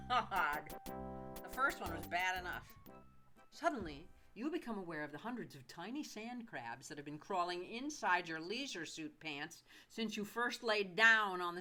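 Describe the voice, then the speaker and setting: A middle-aged woman from the United States reading game text aloud with wry, dry asides, over game music. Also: lowish voice. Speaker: mother playing a game with her son.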